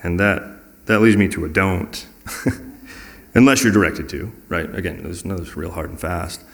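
A man's voice: deep voice, a little slow, vocal fry. A man sharing personal stories in an earnest, reflective way during a conversational talk. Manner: earnest and reflective, acting out quoted dialogue.

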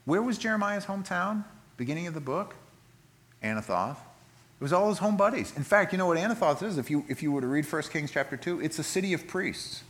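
A man preaching a sermon, animated, rising loud for emphasis and dropping quiet for scripture. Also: fairly high pitch, fairly quick. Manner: expressive, acts out voices in quotes, swings from loud emphasis to quiet reading.

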